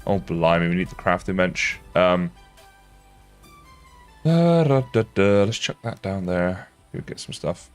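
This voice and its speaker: A man's voice: low-pitched, level tone, normal speed, few pauses, faint music behind. A young man chatting casually while streaming a game, self-mocking and laughing often. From England. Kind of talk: casual live-stream chat while gaming.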